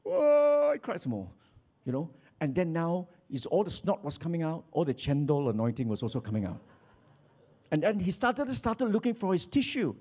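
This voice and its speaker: Husky, lively preacher man. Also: fairly high pitch, normal speed. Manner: storytelling, animated with acted quotes. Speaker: pastor. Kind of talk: sermon.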